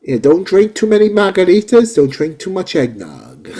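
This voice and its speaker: A man in his forties hosting a casual chat show, excitable and rambling, often repeating himself. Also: sits high, normal speed, husky. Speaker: host.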